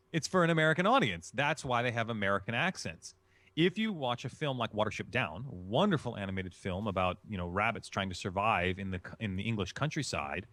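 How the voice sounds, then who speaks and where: Lively, dry-voiced man explaining voice acting. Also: medium pitch, no room sound. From Chicago. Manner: emphatic, explanatory, repeats key phrases. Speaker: voice-acting guest. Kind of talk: instructive interview answers.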